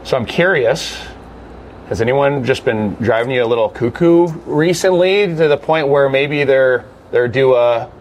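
A man's voice: mid-range voice, a little slow. Upbeat young male podcast host. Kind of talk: casual hosted sports podcast.

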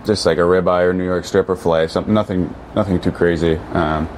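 A man chatting casually on a podcast, low-key and mumbling. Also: steady tone, fast talker, a little mellow, slight background noise. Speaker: podcast guest.

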